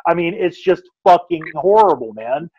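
A man's voice: on the high side, huge pitch swings, normal speed, creaky, no echo, lo-fi sound. Ranting, foul-mouthed podcast man. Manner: emphatic, ranting, heavy swearing. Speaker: podcast co-host. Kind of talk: casual profane podcast chat.

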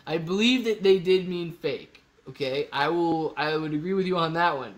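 A man hosting a casual livestream Q&A. He reads out viewer comments, gets excited, thinks aloud and repeats himself. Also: a little high, normal speed, few pauses.

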